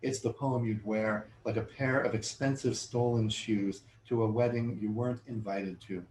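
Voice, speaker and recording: Middle-aged guy reading poetry in a bookshop, slow and deliberate, echoey room with faint hum. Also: on the low side, steady tone, darkish tone. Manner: measured, deliberate reading, chatty and self-amused between poems. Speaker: poet giving a reading. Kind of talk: poetry reading with spoken asides. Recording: roomy hall sound, faint room noise.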